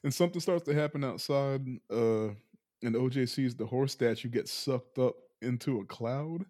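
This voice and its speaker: A man's voice: medium pitch, moderate pace, darkish tone, dry recording, clean studio sound. A man hosting a podcast, casually retelling a film plot and laughing often as he goes. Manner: laughs often while retelling, loose and playful. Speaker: podcast host recapping a film. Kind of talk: casual chat.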